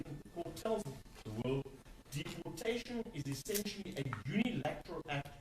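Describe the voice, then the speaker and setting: A man arguing a legal case before a court, emphatic, stressing and repeating key words. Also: fairly high pitch. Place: large courtroom. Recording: echoey courtroom, distant mic, faint hum.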